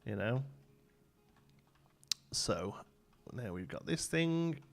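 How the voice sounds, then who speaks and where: A man's voice: mid-range voice, very animated, extremely slow, creaky, faint music behind. A young man chatting casually and rambling as he plays and builds on a live stream, laughing often and answering chat.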